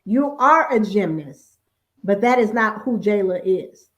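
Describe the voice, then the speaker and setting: Woman talk show host, slow measured encouraging delivery, swings her pitch a lot. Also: expressive. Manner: warm, affirming, uses endearments.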